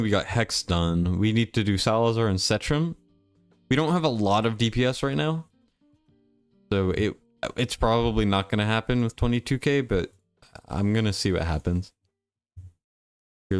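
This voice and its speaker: Laid-back low-voiced male game streamer. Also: clean tone. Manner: laid-back, mumbling, reads chat aloud; low-key monotone. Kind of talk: casual game stream commentary.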